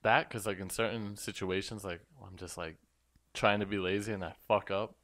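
A man with a bright, forceful voice chatting casually on a podcast. He teases the others and fires off quick questions in an easy, joking way. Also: on the low side, fairly even intonation. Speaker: podcast co-host. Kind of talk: casual chat.

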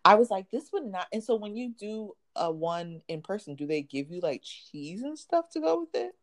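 A woman's voice: medium pitch, sing-song, moderate pace. A woman chatting casually as a co-host, playful and teasing, laughing easily. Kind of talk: casual chat.

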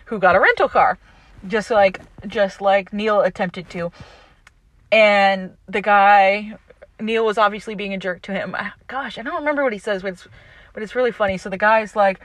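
Young woman, casual movie recap, chatty and animated, lots of fillers, mid pitch, dry close sound. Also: no room sound.

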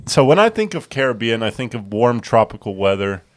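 A man's voice: medium pitch, very animated, brisk, dry recording, clean studio sound. A man co-hosting a casual podcast chat with friends, joking, rambling and laughing often. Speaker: podcast co-host.

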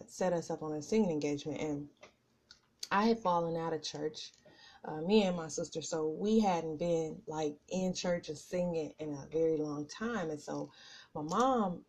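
A woman's voice: deep voice, darkish tone. A middle-aged woman, hosting a casual podcast, nervous and out of breath, rambling with many fillers. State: out of breath from nerves. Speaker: podcast host. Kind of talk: casual personal chat. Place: home office at a computer.

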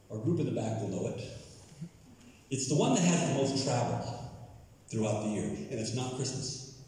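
American preacher, echoey hall from far off. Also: male voice, mid-range voice, mellow. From United States. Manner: dramatic storytelling, acting out characters. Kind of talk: sermon.

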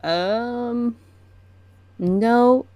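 A woman's voice: fairly high pitch, very slow, warm tone. A woman playing in a tabletop game, talking hesitantly as she thinks aloud. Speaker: player.

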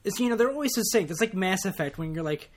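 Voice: mid-range voice, expressive, quick pace. A podcast co-host in casual chat, talking hesitantly and laid-back. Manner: hesitant, laid-back, self-described indecisive.

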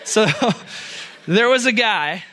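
A man's voice: high-pitched, takes it slowly. A young man preaching a casual sermon, telling a long joke and acting out the characters before turning to the message. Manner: animated storyteller voicing characters. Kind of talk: sermon with storytelling.

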